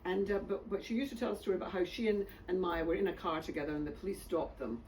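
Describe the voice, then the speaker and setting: A woman interviewer telling anecdotes, halting and restarting, often laughing as she goes. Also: fairly low pitch, a little mellow, distant mic, slight background noise.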